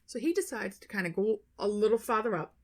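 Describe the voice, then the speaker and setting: A woman co-hosting a podcast, telling a story in casual chat, animated and swearing as she quotes people. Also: medium pitch, fast talker. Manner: animated retelling, swearing, quoting people in their voices. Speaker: podcast co-host.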